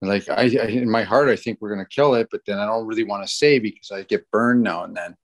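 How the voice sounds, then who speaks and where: A man's voice: lowish voice, fast. A man in his forties from Canada with a Canadian accent, a podcast guest talking in a laid-back, joking, rambling way. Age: 40s. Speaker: podcast guest, fishing guide. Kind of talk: casual chat.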